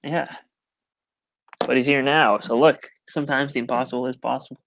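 A man's voice: mid-range voice, steady tone, normal speed, vocal fry, fairly bright tone, dry recording. Dry-joking male stream host. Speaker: livestream host. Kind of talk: casual livestream chat.

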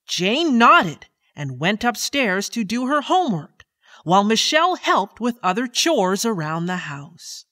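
A woman narrating a children's story in a slow, expressive read-aloud manner. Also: mid-range voice.

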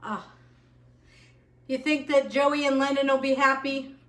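A woman's voice: high voice, steady tone, a little slow, fairly bright tone, roomy sound. A middle-aged woman hosting a live home cooking show, bubbly and chatty, laughing at herself as she goes. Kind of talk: live cooking stream, casual chat. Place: home kitchen.

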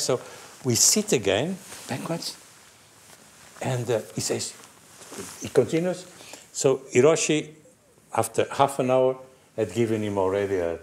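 An older man from Portugal with a Portuguese accent, animatedly telling racing anecdotes in halting, restarting speech. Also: mid-range voice, expressive, background noise. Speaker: guest storyteller, former racing team manager.

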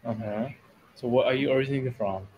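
A man's voice: mid-range voice, fast, muffled recording, slight background noise. Curious man asking short questions. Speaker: English learner. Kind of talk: casual video-call conversation.

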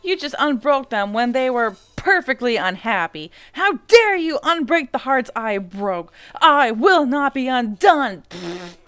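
A woman voicing a scheming male hamster villain, reading his game lines loudly and theatrically with an evil cackle. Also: high-pitched, very animated, a little slow, clear, resonant tone, voice pushed up, heavily acted. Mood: gloating. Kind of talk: reading video game dialogue aloud.

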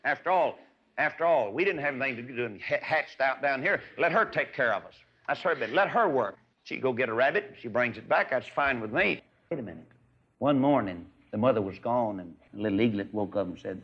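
A man preaching a folksy radio sermon, animated and swinging between loud and soft. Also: mid-range voice, fairly quick, breathy edge. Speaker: evangelist. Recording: dull lo-fi archive radio recording.

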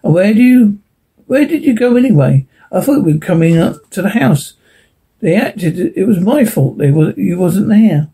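A man's voice: high voice, animated, normal speed, mellow, husky, heavily acted. A man voicing Red, a frightened, defensive young boy in a storybook reading who blurts his words out anxiously.

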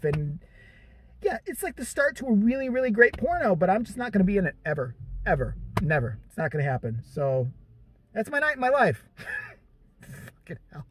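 A man's voice: fairly high pitch, sing-song, brisk, no echo. A young man telling a crude story in a casual, rambling vlog from inside a parked car. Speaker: vlogger.

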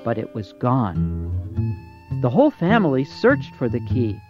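Slow, expressive woman reading a storybook. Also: rumbling low. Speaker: storybook reader. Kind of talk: children's storybook read-aloud. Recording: muffled audio with music behind.

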